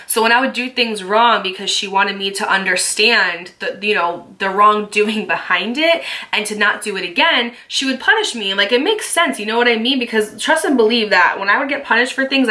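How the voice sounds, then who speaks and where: Bright-voiced young woman telling a story. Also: medium pitch. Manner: chatty, emphatic, many filler likes. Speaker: storytime vlogger. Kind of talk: casual storytelling.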